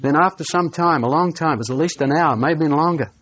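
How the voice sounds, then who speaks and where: A man preaching a sermon, telling a personal story in an earnest way and slowing down on key phrases. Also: fairly high pitch, a bit bright, husky, no echo.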